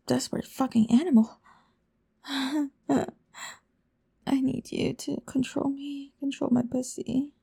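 A woman performs an intimate whispered role-play in a high, slow voice. Her tone is mellow and dark, roughened by vocal fry. She speaks breathily and pleadingly, sighing often. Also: little pitch movement.

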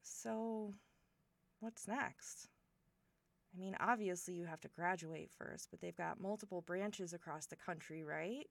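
A woman's voice: on the low side, a little slow, creaky, no echo. A woman performing a one-sided audio role-play as a friend's older sister, teasing and affectionate toward a silent listener.

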